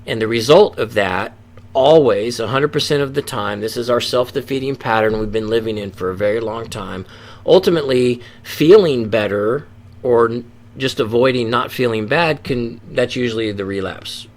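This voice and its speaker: A man's voice: medium pitch, moderate pace. A man presenting a lesson on addiction recovery, earnest and explanatory, often restarting phrases and acting out inner thoughts. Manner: earnest, acts out inner thoughts in quoted voices, frequent restarts. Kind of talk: teaching presentation.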